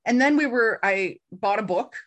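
A woman's voice: fairly high pitch, normal speed. A middle-aged woman, a guest in an interview, telling a story in a casual way and acting out the voices she quotes. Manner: animated, acts out quoted voices.

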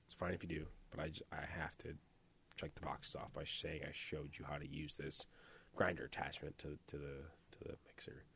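A man with a low but bright, forceful voice chats casually on a podcast. He rambles through profane stories, padding them with fillers and restarts. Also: steady tone, moderate pace, gravelly, a little hiss or hum. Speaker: podcast co-host. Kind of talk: casual chat.

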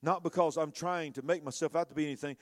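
A man preaches with fervor, dropping to near-whispers and then climbing loud and high as the story builds. His voice sits a bit higher than most men's. His rhythm is urgent, and he addresses the congregation directly. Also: fairly even intonation, fast talker. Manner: passionate, swinging between hushed and loud. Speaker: pastor. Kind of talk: sermon.

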